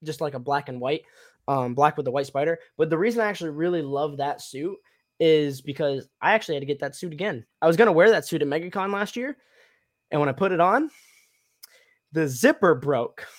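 A man's voice: fairly high pitch, animated, a little fast. Rambling upbeat young man. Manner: rambling, upbeat, many fillers. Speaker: podcast host and cosplayer. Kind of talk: casual chat.

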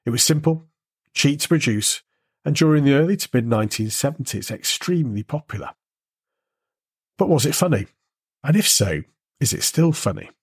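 A man hosting and narrating a retro show, speaking in a measured storytelling way with rhetorical questions. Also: mid-range voice, expressive, breathy edge. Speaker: host and narrator. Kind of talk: scripted narration.

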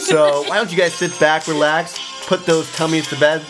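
Woman doing a brash male rock station DJ, very deep voice, pumped-up patter, faint music. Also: steady tone, moderate pace, lightly acted.

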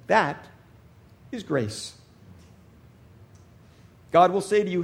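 High, lively-voiced male pastor preaching. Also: takes it slowly, creaky, pauses often. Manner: storytelling, varies loudness for emphasis. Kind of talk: sermon.

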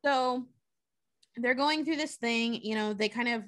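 A woman's voice: a little high, unhurried, fairly bright tone, no echo. A woman casually retelling a story, breezy and profane, briefly acting out the characters' lines.

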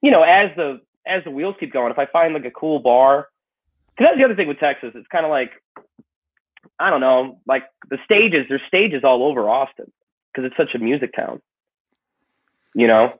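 Over tinny, phone-quality audio, a comedian relocating to a new city talks casually on a podcast in a Chicago accent. He rambles, swears, and keeps saying "you know," using a mid-range, expressive voice at a moderate pace broken up by long pauses.

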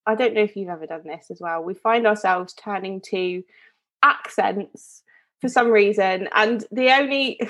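A woman's voice: medium pitch, normal speed, fairly bright tone. Chatty woman telling a story. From Devon, England. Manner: chatty storyteller with many fillers and restarts. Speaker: podcast co-host. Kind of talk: casual chat.

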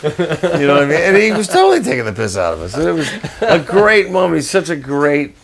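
An older man and guest musician telling animated, profane stories in a rambling way, full of restarts. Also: a little high, brisk, vocal fry, crowd noise. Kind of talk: casual storytelling.

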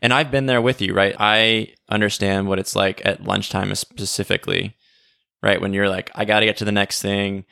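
A man's voice: lowish voice, level tone, moderate pace, creaky, bright, forceful tone, clear, resonant tone, no echo, studio quality. A man co-hosting a podcast in a casual conversational way, often asking "right?" and trailing into "like". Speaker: podcast co-host. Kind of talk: casual faith discussion.

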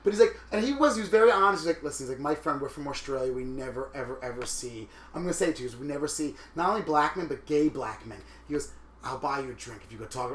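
A man in his thirties, co-hosting a casual podcast chat, telling stories in a flamboyant, animated way and acting out the people he quotes. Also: on the high side, rapid-fire, roomy sound. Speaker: podcast co-host.

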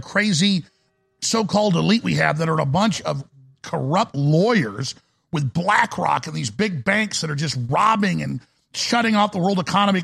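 A man hosting a live call-in talk show, ranting in a fiery, rapid-fire way. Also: fairly high pitch, gravelly, a bit bright, slightly rough.

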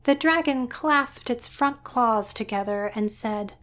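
A woman narrating a scripted story in an even, descriptive way. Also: fairly high pitch, slow.

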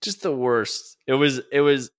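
A young man chatting casually, telling a story with lots of swearing and quick impressions of people he quotes. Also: mid-range voice. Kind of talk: casual podcast chat.

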